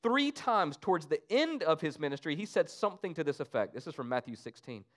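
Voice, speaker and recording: A man preaching an Easter sermon, swinging between loud emphasis and soft, low asides. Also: very animated, fairly quick. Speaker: pastor.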